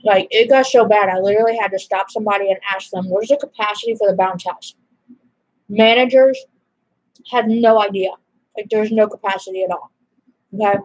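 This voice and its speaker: A woman's voice: mid-range voice, fairly even intonation, a little fast, rough recording. Young adult woman, casual rambling vlog chat, eating as she talks, easily exasperated. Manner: rambling and chatty, eating while talking. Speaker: vlogger chatting while eating supper.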